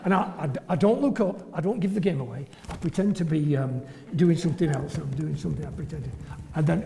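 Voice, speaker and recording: A man's voice: on the high side, quick pace, gravelly. An older man from England, a retired family doctor, telling comic anecdotes after dinner and acting out the people he quotes. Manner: animated, comic storyteller who acts out quoted voices. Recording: long hall reverb.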